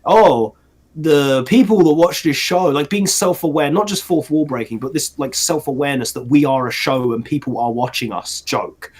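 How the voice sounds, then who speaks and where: A man's voice: a little high, moderate pace, a little mellow. A man co-hosting a casual podcast chat, ranting sarcastically with restarts and laughs. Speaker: podcast co-host.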